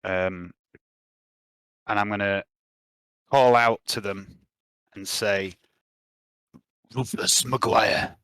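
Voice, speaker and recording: A man playing a tabletop game, speaking hesitantly with many pauses. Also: lowish voice, steady tone, fairly bright tone, clean tone, dry recording. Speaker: player. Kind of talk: tabletop role-play.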